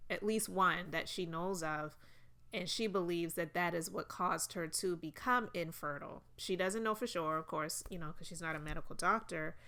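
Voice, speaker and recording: A woman talks straight to her audience in a casual commentary, earnest and emotional as she shares her own side. Her voice is bright and forceful, with a smooth, resonant clarity. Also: fairly low pitch, moderate pace.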